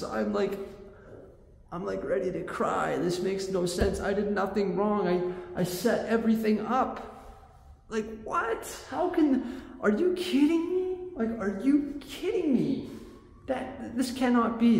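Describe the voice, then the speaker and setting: A man's voice: a little high, gravelly, a little mellow. A man vlogging to a handheld camera, rambling and exasperated as he talks straight to his viewers. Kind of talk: casual vlog. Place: empty building with reverb, later a big store. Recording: echoey room with a long reverb tail.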